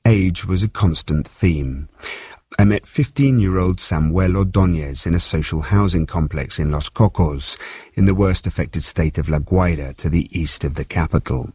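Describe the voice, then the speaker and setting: A male reporter with a low, husky voice reads his field report as a measured, scripted narration. The sound is dry and close, with no room around it. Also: dark tone, dry recording. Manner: measured, storytelling delivery.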